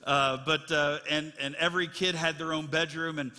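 A middle-aged man preaching to his congregation, easygoing and folksy, full of little asides and fillers. His voice is bright and forceful, sitting a touch high for a man, and it rings out with a long reverb through the church sanctuary. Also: little pitch movement, moderate pace. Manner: folksy, chatty storytelling with many fillers. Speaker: pastor. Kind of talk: sermon.

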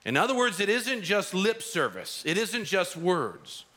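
A man preaching a sermon as pastor, telling a parable in an animated, storytelling way in a church. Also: high voice, a little slow. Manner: animated storytelling, acts out characters.

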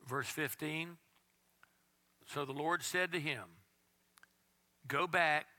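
Bright-voiced male pastor preaching. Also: on the high side, unhurried, long pauses. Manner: preaching, dropping to a hush at times. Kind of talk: sermon. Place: church.

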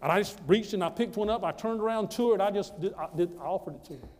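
A man from the United States, pitched a little high for a man, preaching a personal testimony with emphatic, repetitive storytelling. His voice rings out in a hall with a long, lingering reverb. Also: fast talker, a little mellow. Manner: emphatic, repeats phrases for effect. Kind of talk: storytelling sermon.

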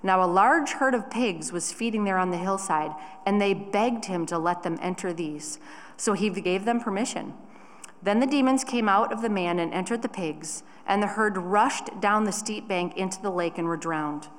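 A woman reading a scripture passage aloud in a measured, deliberate way during a church service. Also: mid-range voice. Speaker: scripture reader. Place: church sanctuary. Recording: long church reverb.

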